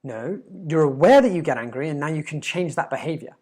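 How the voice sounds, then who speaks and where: A man giving an earnest, emphatic motivational talk as a life coach, with quick stammered restarts. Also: on the high side, animated, darkish tone, breathy edge. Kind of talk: motivational monologue.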